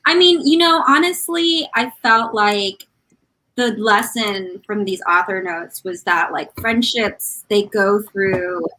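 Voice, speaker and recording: A woman's voice: mid-range voice, slow, pushed and bright, poor audio. A woman guest on a casual online chat, talking in a bubbly, playful way over a video call. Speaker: guest author.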